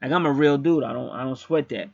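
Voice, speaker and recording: A man's voice: mid-range voice, quick pace, gravelly, no echo, highs cut off. A middle-aged man acting as a spiritual reader, talking bluntly in a casual streetwise monologue and swearing freely.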